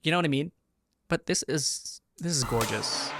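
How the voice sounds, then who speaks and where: A young man hosting a reaction video, excitable and gushing, breaking into bursts of shouting and laughter as he breaks down a dance performance. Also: fairly high pitch, moderate pace, soft background music. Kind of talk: animated reaction commentary.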